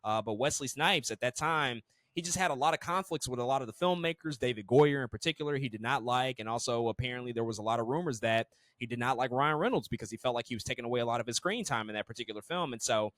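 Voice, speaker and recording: A man chats through a film review in an animated, loose way, restarting sentences and swearing now and then. His voice sits at a middle pitch. The mic is close and dry. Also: fast, no echo. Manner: animated, swears, repeats words when restarting. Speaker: podcast co-host. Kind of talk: casual movie review chat.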